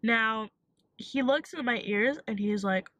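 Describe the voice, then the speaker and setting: A young woman vlogging while sick with a sore throat, telling an animated storytime with lots of likes and acted-out quotes. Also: on the high side, unhurried, no room sound. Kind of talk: casual storytime vlog.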